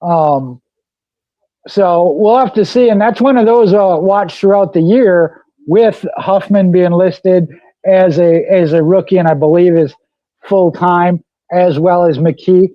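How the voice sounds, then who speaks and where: High-voiced man, rambling racing talk. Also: slow, no echo, lo-fi sound. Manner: rambling, repeats "like I said" and "you know". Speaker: co-host. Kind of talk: casual racing talk radio chat.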